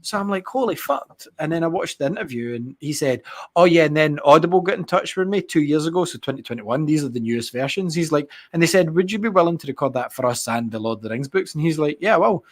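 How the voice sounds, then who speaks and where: Man, podcast co-host, excitable, sweary, rambling casual chat. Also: fairly high pitch, quick pace.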